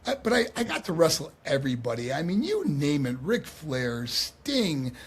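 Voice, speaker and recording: A man in his sixties from New York, a guest on a podcast, telling animated stories and acting out the quotes. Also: on the high side, normal speed, husky. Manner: animated, acts out quotes, laughs often. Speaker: guest, former pro wrestler. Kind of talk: storytelling in a podcast conversation.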